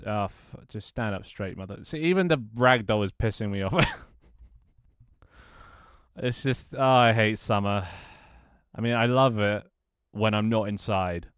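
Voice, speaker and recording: A man's voice: on the low side, a bit bright, smooth, dry recording, clean studio sound. A man streaming from a small room at home, chatting casually, grumbling, swearing and laughing often. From United Kingdom. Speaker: live streamer. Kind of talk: casual live-stream chat.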